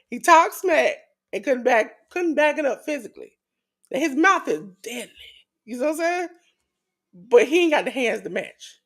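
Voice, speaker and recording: A woman co-hosting a wrestling podcast, talking in an animated, emphatic way and laughing often. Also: high-pitched, moderate pace. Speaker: podcast co-host. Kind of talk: casual wrestling chat.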